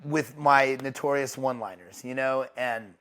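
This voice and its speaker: A young adult man, an interview guest, speaking candidly and haltingly, with many restarts. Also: medium pitch, fairly even intonation, a bit bright, smooth. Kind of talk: casual interview talk. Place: ranch home.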